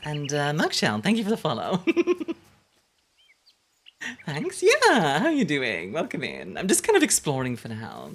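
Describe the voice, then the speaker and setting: A woman's voice: sits low, huge pitch swings, brisk. A young woman streaming a game, chatting playfully with her viewers, laughing often and rambling off on asides. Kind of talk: casual live-stream game commentary.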